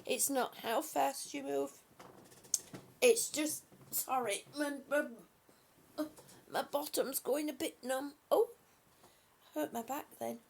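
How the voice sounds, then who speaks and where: A woman hosting a live stream, speaking softly and affectionately to her viewers with halting, repeated words. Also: high-pitched, vocal fry, a little hiss or hum. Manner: soft, affectionate, calls viewers honey and sweetie. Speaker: livestream host reading viewer comments. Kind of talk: slow casual live chat.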